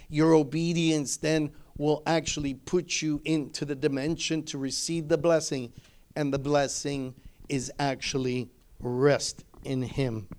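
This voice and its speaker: A middle-aged male pastor delivering a sermon in a slightly higher-than-usual voice. He preaches with emphasis and drives his points home by repeating phrases. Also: darkish tone.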